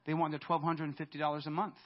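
A man with a high voice preaches a sermon, chatty and animated, swinging from soft asides to loud bursts. The recording is dull and lo-fi. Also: very fast. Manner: animated, conversational preaching with laughs and sudden loud peaks. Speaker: pastor.

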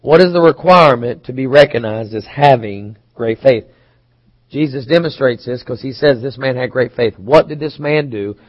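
A man's voice: medium pitch, moderate pace, no echo, dull audio. A man preaching a sermon, chatty and questioning, acting out quoted voices, with occasional coughs. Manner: conversational, asks the congregation questions. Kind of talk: sermon teaching.

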